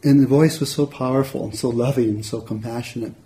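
A man, a meditation teacher, telling a story in a relaxed, conversational dharma talk. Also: mid-range voice, fast talker. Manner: relaxed, conversational, frequent "you know". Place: retreat center hall.

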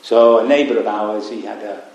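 A man's voice: on the low side, fairly even intonation, darkish tone, lo-fi sound. Reflective male teacher in echoey room. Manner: reflective, pausing, wry asides. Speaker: Buddhist meditation teacher. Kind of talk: dharma talk. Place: retreat meditation hall.

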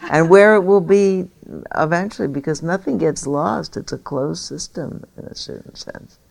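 A woman leads a group dharma discussion as meditation teacher, speaking with a low, gravelly voice full of vocal fry. She talks in an encouraging, chatty way, drifting into asides. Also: normal speed. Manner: warm, encouraging, laughs easily, rambling asides.

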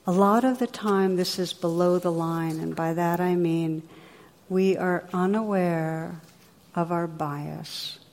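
Brief: woman from New Jersey, meditation teacher, low and gentle dharma talk, long hall reverb. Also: steady tone. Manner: gentle, unhurried storytelling with soft pauses.

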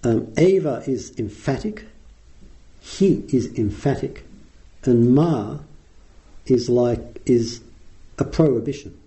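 Very dark-voiced Australian man teaching. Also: mid-range voice, lively intonation, rough recording. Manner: explanatory, unhurried, with frequent ums. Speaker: meditation teacher. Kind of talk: dharma talk to a group.

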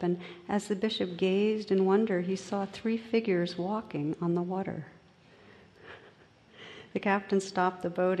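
A woman meditation teacher speaks slowly and gently in a dharma talk. Her voice sits low, mellow and soft. A long reverb from the hall follows each phrase. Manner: slow, gentle, soft-spoken.

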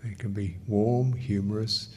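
An older man from England teaching meditation, speaking in a reflective, thinking-aloud way with touches of gentle humor. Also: on the low side, steady tone, measured pace, a little hiss or hum. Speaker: meditation teacher answering questions. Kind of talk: unhurried Dharma talk.

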